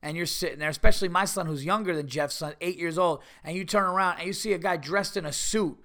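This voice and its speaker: Gravelly man rambling through a story. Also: high-pitched, fast talker. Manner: rambling, animated, with many restarts and mock voices. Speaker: podcast host. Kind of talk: casual storytelling.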